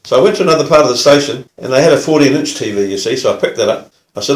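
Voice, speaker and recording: Kiwi ex-detective telling a story in an echoey room. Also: male voice, mid-range voice, animated. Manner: unhurried, plain storyteller with dry humour. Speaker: former police detective. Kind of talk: casual spoken anecdote.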